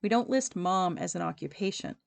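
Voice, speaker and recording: A woman reading aloud the lines of a brisk female county clerk, matter-of-fact and emphatic. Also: on the low side, creaky.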